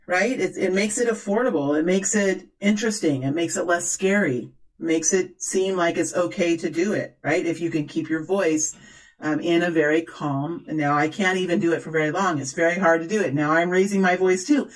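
A tarot card reader talking straight to viewers in a calm, measured way, thinking aloud with many restarts and repeated phrases. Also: medium pitch, rough recording. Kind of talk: tarot reading monologue to viewers.

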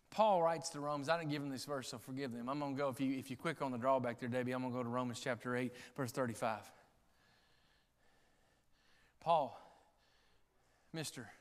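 A man preaching a sermon as pastor, passionate, moving between quiet conversational asides and shouted climaxes. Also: medium pitch. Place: large church sanctuary. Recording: long hall reverb in a church sanctuary.

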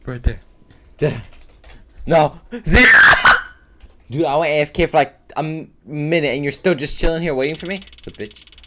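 A man giving live gameplay commentary for his video, excitable and full of profane trash talk. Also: a little high, normal speed, slight background noise. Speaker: gaming video creator.

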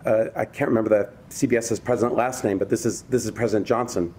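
A man's voice: lowish voice, steady tone, fast talker, darkish tone, a little hiss or hum. A man giving a university lecture, reading a prepared text and breaking off with conversational asides to the audience. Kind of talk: academic public lecture.

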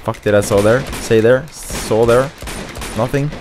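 A man giving profane let's-play commentary as he plays, trash-talking enemies with loud outbursts. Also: mid-range voice, unhurried, noisy background. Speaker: gamer streamer.

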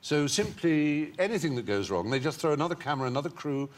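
A man's voice: on the high side, lively intonation, fast. A male talk show guest telling long, witty anecdotes full of playful asides. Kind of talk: anecdotal chat show storytelling. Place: TV studio with a live audience.

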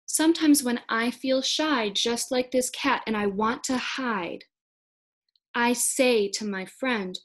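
A young woman in her twenties giving a children's read-aloud lesson, speaking gently and encouragingly to young kids. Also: a little high, slow pace. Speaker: speech-language pathology student teacher.

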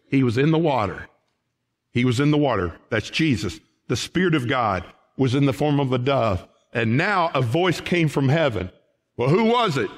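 Preacher guy, slow and swoopy, folksy and fired up in church. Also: mid-range voice. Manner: folksy, emphatic preaching with rising outbursts. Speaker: pastor. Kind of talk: sermon. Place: church sanctuary.

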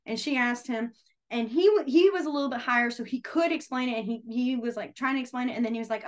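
A young woman teaching a beginners' sign language class, chatty and full of fillers, telling lively classroom stories. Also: fairly high pitch, fast talker. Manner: chatty, filler-heavy, animated storytelling. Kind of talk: casual teaching with anecdotes.

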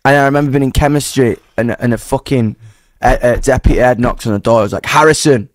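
A man's voice: mid-range voice, quick pace, dry recording. A man telling a cheeky anecdote in a casual interview, swearing freely and laughing as he goes. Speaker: guest.

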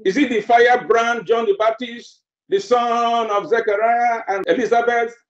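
Preacher, male, very high voice, slow deliberate sermon delivery, roomy muffled recording. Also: steady tone. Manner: emphatic, repeats phrases for effect.

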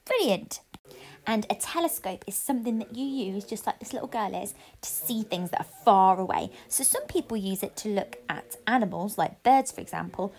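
A woman teacher, slowly sounding out words in a phonics lesson and praising pupils. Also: medium pitch, expressive, darkish tone. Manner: slow, clear and encouraging, sounding out letters. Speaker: primary school teacher. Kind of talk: phonics lesson and reading a story aloud.

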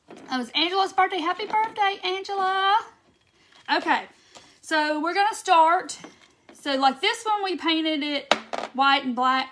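A woman chats through a live crafting stream, her voice sitting high and bright. She talks loosely and warmly to viewers, drawing out words and greeting them one by one. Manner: chatty, drawn-out Southern "y'all" talk, greets viewers by name. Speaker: crafting livestream host. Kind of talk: casual live crafting chat. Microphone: phone or camera mic on a livestream.

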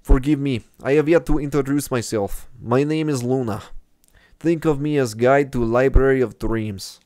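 A man voicing a calm, mystical female tapir dream guide in a mock Russian accent, reading her lines from a video game. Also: medium pitch, normal speed, dry recording, clean studio sound, natural voice. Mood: dreamy formal.

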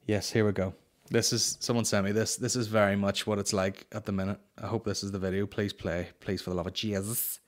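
A man's voice: lowish voice, little pitch movement, brisk. A Northern Irish man hosting a comedy podcast, chatting casually, swearing a lot and slipping into mocking impressions. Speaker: podcast host.

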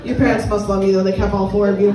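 A young woman performing a stand-up comedy set with crowd work, blunt and crude in a deadpan way. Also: mid-range voice, fast talker. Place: small comedy venue with a live audience. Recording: echoey room, mic at a distance, audience laughter. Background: crowd laughing.

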